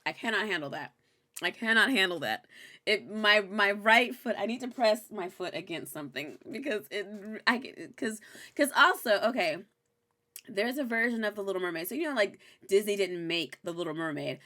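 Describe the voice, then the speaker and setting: A young woman hosting a recap show, chatting casually and candidly, animated and swearing freely. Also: mid-range voice, normal speed. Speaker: host recapping a TV episode. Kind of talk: casual chat.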